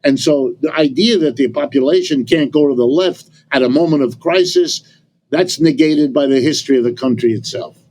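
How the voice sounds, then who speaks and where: A male economics professor speaks in a measured, explanatory way, like a lecture. His voice is somewhat high, with a faint hiss of noise behind it. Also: a little mellow. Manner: measured, explanatory, draws on history. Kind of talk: lecturing interview answer.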